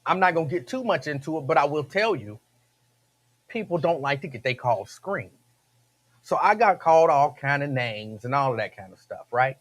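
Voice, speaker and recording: A man's voice: a little high, expressive, moderate pace, a bit bright. A man hosting a radio show, talking casually and emphatically, repeating his phrases and laughing between points. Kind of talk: casual talk-radio monologue.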